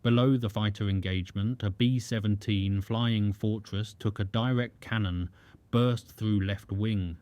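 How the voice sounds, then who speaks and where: A man giving scripted story narration in a measured, even delivery. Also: fairly low pitch, dry recording. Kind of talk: scripted documentary-style narration.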